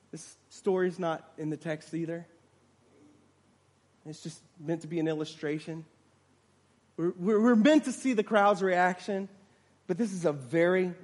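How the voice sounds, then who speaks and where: A man preaching a sermon, retelling a story dramatically and acting out the voices of its people. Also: a little high.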